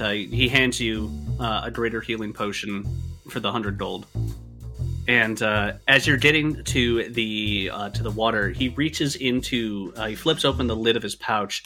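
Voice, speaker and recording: A man in a mid-range voice narrates a tabletop game as game master, keeping it relaxed and using frequent fillers.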